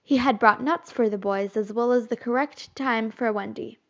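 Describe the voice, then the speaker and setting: A woman narrating a children's classic as an audiobook, in expressive storytelling. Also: on the high side, moderate pace, gravelly. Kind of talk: audiobook reading. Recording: slightly muffled recording.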